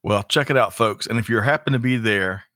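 Folksy guy hosting a livestream, bright voice, dry sound. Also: lowish voice, brisk, no echo. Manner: folksy, reads out audience greetings. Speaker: livestream co-host. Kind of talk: casual live show chat.

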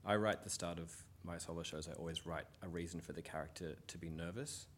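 An Australian man, a comedian, chatting casually and telling stories in a relaxed way that trails off quietly. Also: low-pitched, fast talker, a little hiss or hum. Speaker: comedian, guest. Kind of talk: casual chat.

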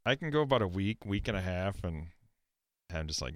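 Deep-voiced man joking in casual chat. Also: sing-song, fairly quick, no echo. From South Dakota. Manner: joking, easygoing, rambling. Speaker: co-host of a racing talk show.

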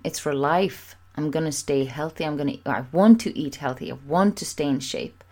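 A woman's voice: on the low side, a little mellow. A woman speaking candidly to camera in a personal vlog, talking with emphatic repetition. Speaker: vlogger.

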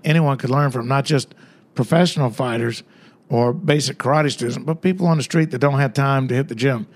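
An older man, a guest author, telling stories in a rambling, conversational way with many fillers. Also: medium pitch. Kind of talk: casual storytelling interview.

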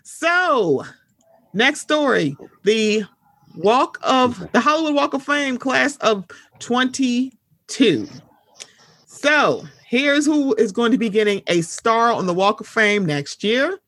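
A woman hosting a casual podcast chat, talking in a blunt, animated, often profane way and reading out news items. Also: a little high, slow, no room sound. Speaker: podcast host.

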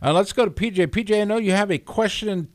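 A man's voice: high-pitched, quick pace, no echo, studio quality. A man hosting a motor racing radio talk show, with jokey, theatrical introductions.

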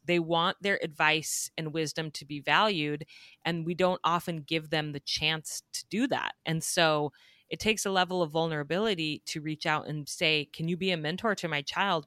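Bright, dry-sounding interview host. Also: mid-range voice, no room sound. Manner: affirming, reflective. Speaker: podcast host. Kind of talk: interview conversation.

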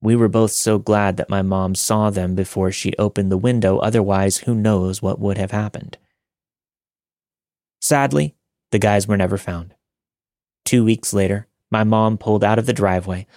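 Low-voiced man narrating scary stories. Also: no echo, clean studio sound. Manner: steady, measured reading of first-person accounts. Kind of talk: scripted horror story narration.

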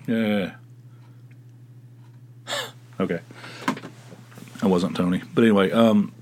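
A middle-aged man from West Virginia, a podcast host, telling rambling, animated stories with chuckles in a casual style. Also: medium pitch. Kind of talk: casual anecdotal storytelling.

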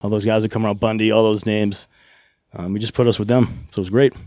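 A man's voice: on the low side, flat delivery, fast, warm tone, no echo, studio quality. A middle-aged man, a former wrestler, rambling through anecdotes in a casual interview with frequent laughs and swearing.

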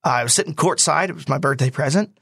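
A young man telling a personal story in casual talk, animated and quick to quote others. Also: a little high, vocal fry, husky, no room sound, clean studio sound.

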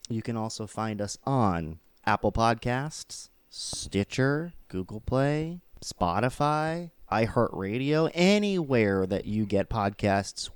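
A chatty man hosting a podcast, his pitch swinging up and down as he talks. The sound is close and dry, with no room around it. He laughs easily and keeps things loose. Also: clear, resonant tone, no echo. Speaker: podcast host. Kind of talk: casual podcast chat.

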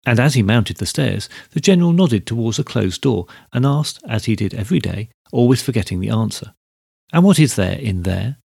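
A man reading a story aloud as narrator, in measured, even storytelling. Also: medium pitch, vocal fry, breathy edge, no echo, clean studio sound.

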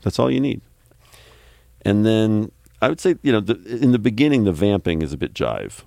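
A man's voice: lowish voice, big pitch swings, moderate pace, vocal fry, dark tone, no echo. Dry-voiced wry man critiquing a song. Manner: wry, opinionated, mock-sings quotes. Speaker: podcast co-host. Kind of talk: casual music review chat.

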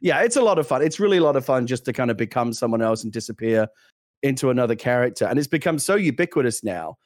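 Quick british guy on a podcast, laughs a lot, trips over his words, dry close sound. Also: medium pitch, no echo. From Britain. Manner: animated storyteller, laughs often, many restarts. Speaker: podcast co-host. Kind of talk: casual chat.

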